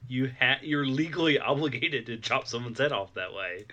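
Bright-voiced man with dry jokes. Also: mid-range voice, lively intonation, moderate pace, muffled recording. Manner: dry, joking asides. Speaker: podcast co-host. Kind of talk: casual movie review chat.

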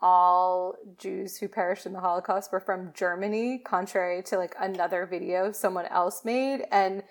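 A woman's voice: fairly low pitch, steady tone, normal speed. Chatty woman co-hosting a podcast. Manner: chatty, laughs easily. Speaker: podcast co-host. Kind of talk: casual chat.

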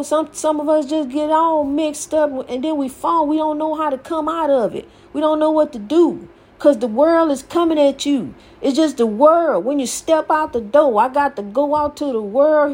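She has a high voice with a darkish tone: an older woman hosting a podcast, offering folksy, preachy motivation and repeating lines for emphasis.

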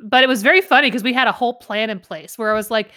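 An animated woman co-hosting a podcast, her voice sitting a little higher than most. She tells stories in a quick, loose, casual way and laughs easily. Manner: animated storyteller, laughs often. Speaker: podcast co-host. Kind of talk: casual chat.

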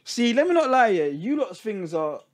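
A young man, chatting casually and teasing his friend with quick reactions. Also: high-pitched, very animated. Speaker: friend in the chat. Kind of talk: casual chat.

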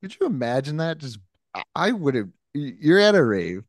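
A man's voice: on the high side, sing-song, moderate pace, dry recording, studio quality. A man from New York co-hosting a podcast, rambling through stories, acting out quotes and laughing often. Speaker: podcast co-host. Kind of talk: casual chat.

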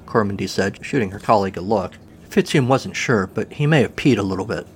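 A man's voice: fairly low pitch, animated, fairly quick, a little hiss or hum. A man narrating a comic story in a dry, wry way.

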